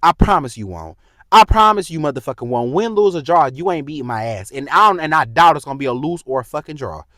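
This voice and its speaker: Young man, 20s, heated profane rant, high animated voice, dry close sound. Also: fast talker, dry recording. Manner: heated, profane, talks straight to the viewer. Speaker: vlogger. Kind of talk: casual storytime rant.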